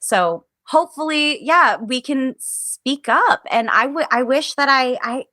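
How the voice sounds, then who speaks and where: A woman's voice: high-pitched, expressive, unhurried, pushed and bright, no room sound, studio quality. A woman stage actress talking candidly as a guest on a show, earnest and reflective, often restarting her thoughts. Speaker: musical theater actress, guest. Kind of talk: candid casual conversation.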